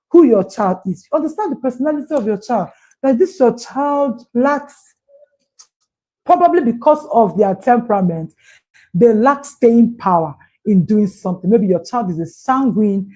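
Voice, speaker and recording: A woman's voice: mid-range voice, dark tone, rough recording. A woman with a Nigerian accent speaking on a parenting livestream panel, earnest and repeating her words with coaxing asides. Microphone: remote call.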